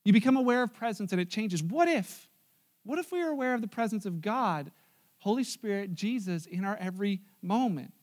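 A male pastor speaks to his congregation in an easygoing, talkative sermon. His voice sits notably high for a man. He moves between earnest teaching and lighthearted stories. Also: lively intonation, fairly quick, a little mellow. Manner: conversational preaching with asides and humor.

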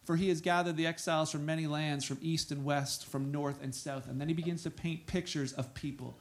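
A man preaching a sermon, reading scripture aloud and breaking into soft asides and loud exclamations. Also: fairly high pitch, fairly even intonation, fairly quick. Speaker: pastor.

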